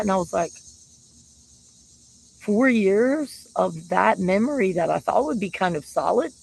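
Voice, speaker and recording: A woman's voice: medium pitch, animated, measured pace, gravelly, long pauses, a little mellow, husky, low-quality recording. A woman talking casually about her partner, chatty and laughing often. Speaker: shaman. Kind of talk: casual monologue to camera.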